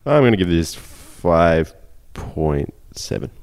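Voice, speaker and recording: A man's voice: sits low, big pitch swings, slow, vocal fry, darkish tone. A man co-hosting a podcast, dry and sarcastic in casual chat. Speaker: podcast co-host.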